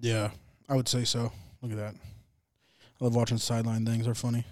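A man's voice: mid-range voice, level tone, moderate pace, no room sound. A young man hosting a laid-back sports podcast, rambling, joking and swearing as he reacts to games. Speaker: podcast host. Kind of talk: casual sports chat.

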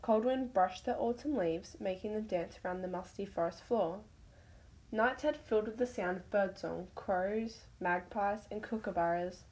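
A woman's voice: mid-range voice, moderate pace, a little mellow, low-quality recording. A woman reading her own animal story aloud, stumbling over words now and then.

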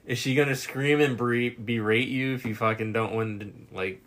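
A man's voice: mid-range voice, fairly even intonation, normal speed, fairly bright tone, a little hiss or hum. A man co-hosting a podcast, talking in a casual, profane, sarcastic ranting way. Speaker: podcast co-host. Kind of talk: casual chat. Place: Newport, Kentucky area.

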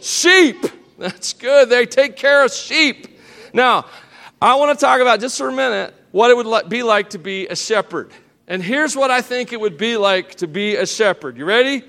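Folksy preacher with a high, cracking voice. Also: male voice, normal speed, fairly bright tone, big-room sound. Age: middle-aged. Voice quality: voice cracking a little. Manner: folksy, joking, addresses the congregation and children directly. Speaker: pastor. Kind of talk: sermon. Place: church sanctuary.

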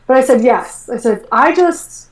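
A woman with a fairly high voice talks in a casual, animated way, acting out what she said and thought and dropping plenty of "like" and "um". She sounds set back from the microphone in an echoey room. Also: a little slow, crowd noise. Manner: animated storytelling, acts out her own quotes, many fillers like "like" and "um". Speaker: guest, energy work coach. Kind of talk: casual conversational interview. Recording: echoey room, voice far from mic.

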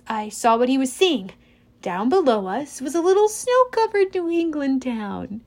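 A woman reading an audiobook aloud in first person, with a wry, expressive storytelling manner. Her voice is high and swings widely in pitch. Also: measured pace. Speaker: audiobook narrator.

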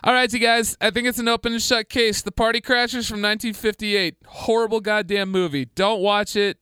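Casting: smooth-voiced male comedy co-host, crude and rambling, dry close sound. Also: high-pitched, fairly even intonation, fairly quick, bright, forceful tone, dry recording. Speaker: podcast co-host. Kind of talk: casual comedic chat.

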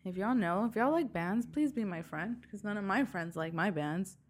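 A young woman co-hosting a podcast, chatting casually and telling stories with excitement and frequent swearing. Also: medium pitch, normal speed. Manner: excited, swears freely, storytelling. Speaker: podcast co-host. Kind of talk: casual chat.

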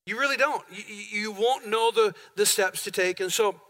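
High, bright-voiced pastor preaching. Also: male voice, moderate pace. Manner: emphatic, repeats phrases for effect. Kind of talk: sermon. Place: church sanctuary.

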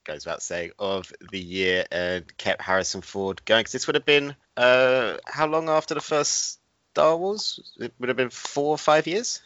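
A man's voice: medium pitch, expressive, normal speed, a bit bright. A man co-hosting a casual podcast chat, steering topics and laughing often. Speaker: podcast co-host. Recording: dull lo-fi sound.

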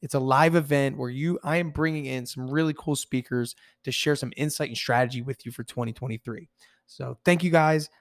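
A man hosting a business podcast, upbeat and direct, his voice hoarse from losing it. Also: mid-range voice, fairly quick, no echo, clean studio sound. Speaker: podcast host. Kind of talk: casual podcast interview.

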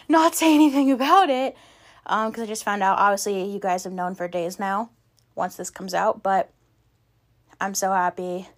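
A young woman hosts her own podcast solo, chatting off the cuff. She rambles and wanders between thoughts, leaning on "like" and "um" in almost every sentence. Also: medium pitch. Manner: rambling, filler-heavy, frequent "like" and "um". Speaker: podcast host. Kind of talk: casual solo podcast chat.

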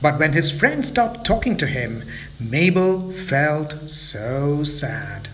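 Expressive male storyteller for children. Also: a little high, slow, faint music behind.

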